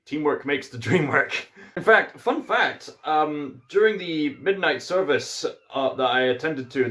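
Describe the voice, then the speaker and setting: A man's voice: mid-range voice, fairly bright tone. A man with a Scottish accent giving a casual film review, musing and hesitant, with frequent fillers.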